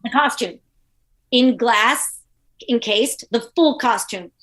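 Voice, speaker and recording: Animated woman telling a comedy anecdote. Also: on the high side, takes it slowly. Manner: animated, acts out quoted voices. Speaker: guest comedian. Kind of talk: storytelling podcast interview.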